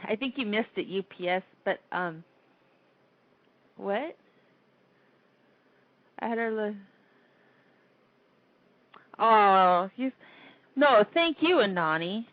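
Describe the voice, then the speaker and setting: A woman hosting a casual call-in internet radio show, chatty and rambling, laughing often. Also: mid-range voice. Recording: tinny phone-line sound.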